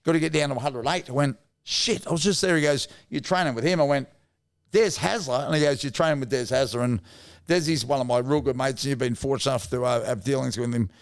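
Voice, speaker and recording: Guesting on a casual interview, a former rugby league player in his fifties with an Australian accent spins blunt, laddish yarns full of slang and swearing. His mid-range voice moves fast with a clean tone.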